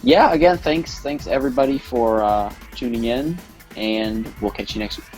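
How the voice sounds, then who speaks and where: A man's voice: mid-range voice, normal speed, a little mellow, faint music behind, rough recording. A man co-hosting a casual tech podcast, upbeat as he wraps up the episode and signs off. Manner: upbeat, opens and closes the show. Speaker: podcast co-host.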